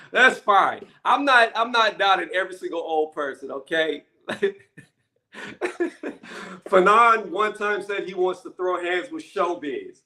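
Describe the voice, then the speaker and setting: A man with a high, tense, bright voice delivers a blunt commentary rant, pressing each point and tagging it with "okay?" or "right?". The sound is roomy and echoing, with the mic set back from him. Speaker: channel host. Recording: echoey room, mic at a distance.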